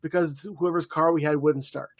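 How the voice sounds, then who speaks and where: A man co-hosting a podcast, relaxed and playful in casual chat. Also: fairly high pitch. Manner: relaxed, playful, does quick impressions. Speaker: podcast co-host.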